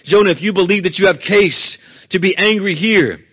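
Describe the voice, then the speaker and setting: A man's voice: sits high, moderate pace, slightly rough, dull audio. A male pastor preaching a sermon in an earnest, emphatic way, often asking the congregation rhetorical questions.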